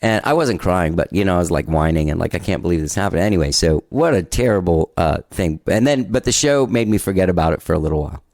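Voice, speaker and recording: A man's voice: deep voice, animated, fast talker, hardly any pauses, darkish tone, no room sound, clean studio sound. A man hosting a podcast, rambling through a casual, self-deprecating intro and swearing now and then. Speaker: podcast host.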